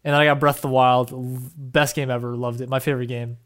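Excitable young man rambling on a podcast. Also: mid-range voice, fast. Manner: excitable, rambling, swears casually. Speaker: podcast co-host. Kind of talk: casual podcast chat.

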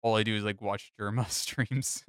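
A man's voice: lowish voice, fairly even intonation, moderate pace, fairly bright tone, smooth, dry recording. A young man in casual podcast chat, telling a long rambling story full of fillers and swearing.

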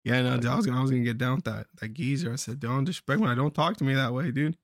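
A man telling a rowdy story in casual chat, acting out the voices loudly. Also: mid-range voice, very fast, no echo, clean studio sound.

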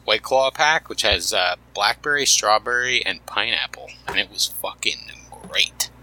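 Man, New Jersey accent, podcast co-host, lower voice, very bright tone, joking, rambling. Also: lively intonation, unhurried, poor audio. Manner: joking, rambling, swears freely. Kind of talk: casual chat.

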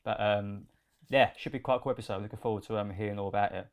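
Quick-talking co-host. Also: male voice, fairly low pitch, steady tone. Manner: brisk, friendly, matey. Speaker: podcast co-host. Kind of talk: casual chat.

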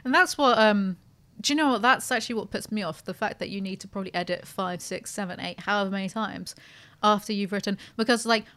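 A woman's voice: medium pitch, fast talker, fairly bright tone. A woman hosting a podcast in casual, sweary chat, laughing often. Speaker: podcast host.

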